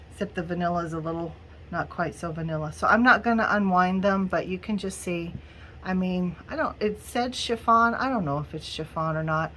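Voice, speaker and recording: A woman's voice: fairly low pitch, fairly bright tone, slight background noise. A middle-aged woman, chatting casually and giggling through a haul video at home. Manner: chatty, giggly, addresses viewers as y'all. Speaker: crafting vlogger.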